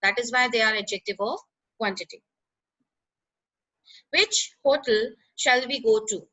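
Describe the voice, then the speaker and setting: A woman explaining grammar in a lesson, pausing with "uh" and checking in with "right?". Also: a little high, bright, forceful tone, husky, lo-fi sound. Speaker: teacher.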